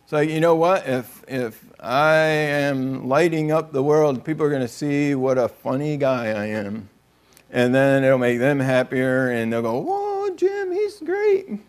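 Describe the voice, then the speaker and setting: A man's voice: mid-range voice, steady tone, measured pace, clean tone. A man preaching a conversational sermon, joking with the room and acting out quotes in other voices. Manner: joking, chatty, acts out quotes.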